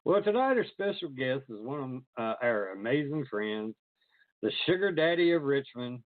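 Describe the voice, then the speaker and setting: A man's voice: medium pitch, big pitch swings, moderate pace, no room sound. Joking man hosting a phone-line radio show. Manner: joking, profane, laughs often. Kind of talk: casual talk radio chat. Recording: tinny phone-line call-in audio.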